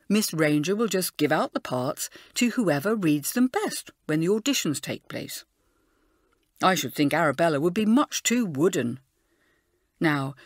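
A woman reading an audiobook, voicing a clever schoolboy who teases in an easygoing, gently mocking way. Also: fairly low pitch, dry recording, clean studio sound. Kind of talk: audiobook character voice.

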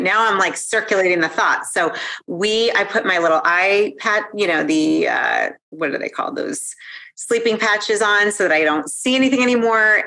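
A woman in her forties talks as a guest in a conversational interview, with a voice pitched well low for a woman. She speaks in an animated, excitable way and laughs easily.

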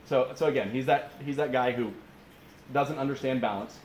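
A man in his thirties preaching a sermon at a camp, telling stories in an animated way and often restarting his sentences. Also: mid-range voice, moderate pace. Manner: animated storytelling with frequent restarts. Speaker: pastor. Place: camp meeting room. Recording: roomy echo with faint hiss.

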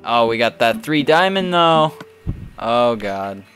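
A man hosting a gameplay video, talking casually and deadpan with a chuckle as he plays. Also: medium pitch, takes it slowly, over music. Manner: laid-back, deadpan, chuckling. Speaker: gaming channel host.

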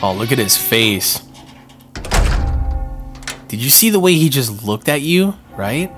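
A man's voice: medium pitch, takes it slowly. A man hosting a let's-play, giving casual, slangy commentary and repeating himself as tension builds. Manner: excitable, yelps and repeats himself in tense moments. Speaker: gaming channel host. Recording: game music playing loudly underneath.

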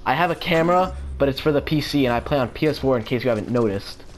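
A man giving live commentary on his own gameplay, excitable, swearing often and repeating phrases in quick bursts. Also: medium pitch. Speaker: gamer. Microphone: home setup without face cam.

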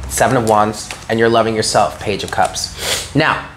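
A man's voice: lowish voice, fairly even intonation, moderate pace, noisy background. Earnest man giving a tarot reading. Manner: earnest, encouraging, addresses listener directly; frequent "okay?" check-ins. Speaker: tarot reader.

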